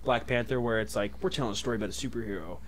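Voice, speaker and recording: A man's voice: medium pitch, very fast, a little hiss or hum. Young man, casual podcast co-host. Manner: analytical, loose and joking. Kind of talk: casual chat. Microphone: headset.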